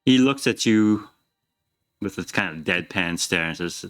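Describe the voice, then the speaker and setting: A man narrating a tabletop game as game master in a relaxed, descriptive way. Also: low-pitched, a little slow.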